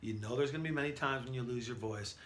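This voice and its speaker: Brief: male pro announcer, instructor, chatty storyteller, bright and forceful tone. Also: mid-range voice, fast talker, slight background noise. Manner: energetic, conversational, storytelling. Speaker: professional event announcer and instructor. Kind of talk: instructional talk to camera.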